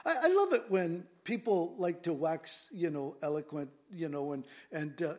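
A male pastor with a slightly higher-pitched voice, preaching in an emphatic, conversational way. He leans on rhetorical questions as he works through the verses. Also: animated, normal speed, hardly any pauses. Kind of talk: expository sermon.

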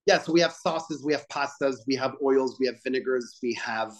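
A middle-aged man, a chef and restaurateur, talking in casual conversation, excitable and swearing freely with lots of fillers. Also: mid-range voice, fairly quick.

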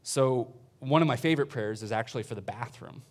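A man's voice: mid-range voice, brisk. A male priest preaching a casual, chatty sermon to a congregation in a church. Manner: informal, chatty preaching with fillers and laughs.

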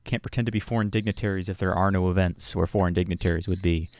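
Low-voiced man plotting a game plan. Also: steady tone, fast, a little mellow, dry recording. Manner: planning, self-mocking, laughing. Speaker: player. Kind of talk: casual tabletop game chat.

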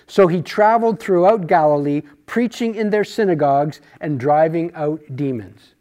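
Male Bible study teacher, high pitch, conversational, rhetorical questions. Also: normal speed, mellow.

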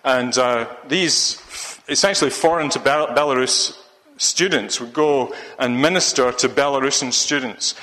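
A man's voice: mid-range voice, normal speed, pushed and bright, big-room sound. A man preaching a sermon, rambling and restarting his sentences often. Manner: rambling, with many restarts and fillers.

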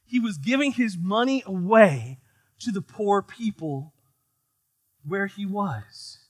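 A man from the United States preaching a sermon in an animated, joking, conversational way. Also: high-pitched, slow, dry recording. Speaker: pastor.

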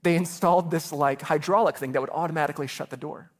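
A man's voice: on the high side, fast. A man in his thirties preaching a sermon as a pastor, earnest and personal, often repeating words as he starts a phrase. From Chicago area.

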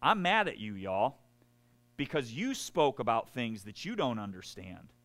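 Slow, animated preacher man. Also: mid-range voice. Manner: animated, sarcastic asides, frequent "y'all". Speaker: pastor. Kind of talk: sermon.

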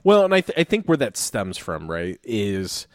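A man's voice: fairly low pitch, wildly swooping pitch, normal speed, no echo, clean studio sound. A man from Ohio chatting casually as a co-host, telling travel stories in a rambling way with many fillers and restarts. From Ohio, United States. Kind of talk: casual chat.

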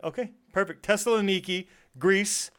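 A man's voice: sits high, normal speed, a bit bright, clean tone. A man hosting a casual chat, introducing bands and tripping over names. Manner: easygoing, stumbles over names. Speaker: show host. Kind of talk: casual radio-style chat.

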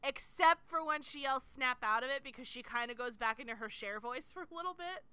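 Podcast co-host, woman, very bright and smooth voice, jokey and casual, dry close mic. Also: high voice, animated, brisk, dry recording. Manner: playful, jokey, swears casually. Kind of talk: casual chat recapping a film.

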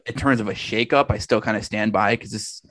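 A man's voice: lowish voice, fairly quick, a bit bright, no echo. Rambling man in casual football talk. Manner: rambling, restarts often, swears. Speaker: podcast co-host. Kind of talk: casual sports chat.

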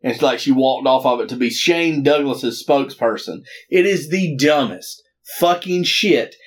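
A man's voice: medium pitch, lively intonation, normal speed. A man co-hosting a casual podcast, ranting with heavy swearing and crude mockery. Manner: profane ranting with crude mocking impressions. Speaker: podcast co-host.

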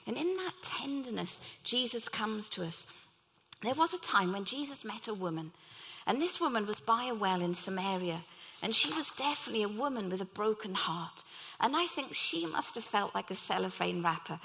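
A middle-aged woman preaches with earnest warmth of conviction, weaving in stories from her own life. Her voice sits a little high and rings bright and forceful. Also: animated, moderate pace, gravelly. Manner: earnest, acts out quoted voices. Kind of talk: sermon with personal storytelling.

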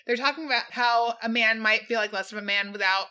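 Woman podcast co-host, high and bright, loose profane chatter, quick laughs. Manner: animated, profane, laughs often. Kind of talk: casual chat, recapping a TV show.

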